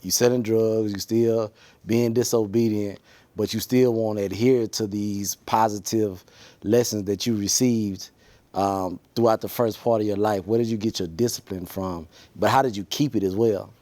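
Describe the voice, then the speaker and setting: A man's voice: lowish voice, steady tone, normal speed, mellow, dry recording. A man co-hosting an interview, asking probing questions in a conversational way. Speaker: co-host.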